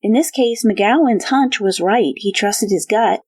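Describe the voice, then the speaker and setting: A woman's voice: medium pitch, measured pace, a little mellow, dry recording. A woman co-hosting a true crime podcast, explaining a case and urging listeners to trust their instincts. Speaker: podcast co-host. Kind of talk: true crime book discussion.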